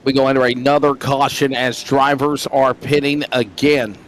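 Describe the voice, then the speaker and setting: A man doing play-by-play commentary on a sim race, with quick, excitable calls. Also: medium pitch, slight background noise.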